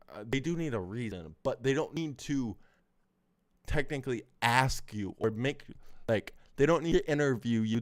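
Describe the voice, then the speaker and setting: A man streaming a reaction, angrily breaking down a clip and swearing constantly as he rants. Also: mid-range voice. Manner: angry, swears heavily, talks over the clip. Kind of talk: profane live reaction commentary.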